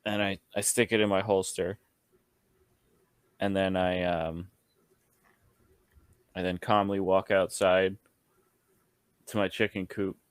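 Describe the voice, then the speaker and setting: Male player, lowish voice, slow deliberate pace, dry deadpan delivery. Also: clear, resonant tone, no echo. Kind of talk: tabletop role-play, playing his character.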